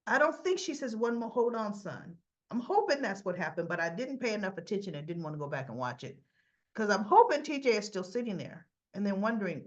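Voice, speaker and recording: A woman's voice: fairly low pitch, sing-song, normal speed, dull audio. A woman casually recapping a soap opera episode, chatty, retelling scenes with quoted lines and asides.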